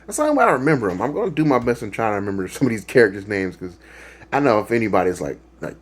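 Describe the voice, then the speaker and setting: A man's voice: on the low side, very animated, fast, husky. A man hosting a reaction video, talking in a rambling, casual way with lots of fillers and restarts and laughing at his own jokes.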